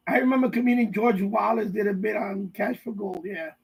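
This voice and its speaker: A man's voice: sits high, fairly even intonation, normal speed, creaky, slightly rough, rough recording. A man hosting a live stream from his basement, ranting casually with profanity and lots of repetition, riffing in mock voices. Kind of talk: rambling casual rant. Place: basement room.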